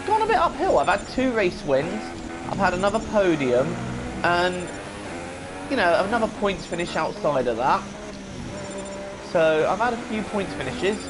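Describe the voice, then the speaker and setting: A man hosting his own gaming video, with casual commentary full of crude jokes and banter. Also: sits high. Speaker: gaming channel host.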